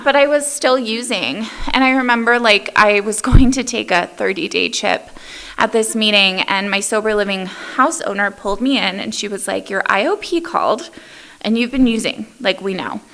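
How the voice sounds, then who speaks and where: A woman's voice: medium pitch, bright, forceful tone. A young woman speaking at a recovery meeting, telling her personal story casually with many "um"s and "like"s.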